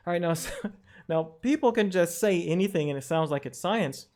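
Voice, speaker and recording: Male educator, slightly high pitch, wry and skeptical, casual tutorial delivery with fillers. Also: expressive, brisk, a little mellow. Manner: skeptical, questioning, reads quotes aloud with wry asides; frequent fillers and restarts, chuckles at jargon. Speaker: educator explaining online research. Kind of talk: screen-share tutorial talk.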